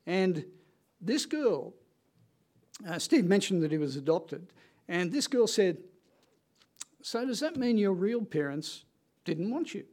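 A man preaching a sermon in an earnest, conversational way, slowing down with dramatic pauses for emphasis. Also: high voice, very animated, a little mellow.

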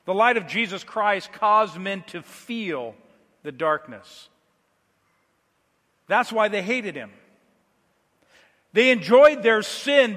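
High-voiced, bright-toned male preacher. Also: big-room sound. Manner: swings from quiet, low passages to loud emphatic declarations. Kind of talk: sermon.

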